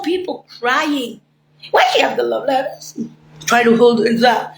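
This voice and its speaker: A woman's voice: fairly high pitch, lively intonation, moderate pace, gravelly, slight background noise. Woman ranting in an echoey room. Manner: ranting, swearing, rambling. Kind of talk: angry profane monologue. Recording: roomy echo, faint ambience.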